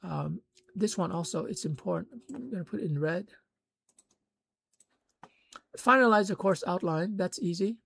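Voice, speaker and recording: A man's voice: high-pitched, expressive, moderate pace, gravelly, long pauses, fairly bright tone, breathy edge. A man casually explaining steps of building a course, talking conversationally with fillers and rising into emphatic bursts. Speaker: course creator teaching online. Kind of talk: casual instructional talk.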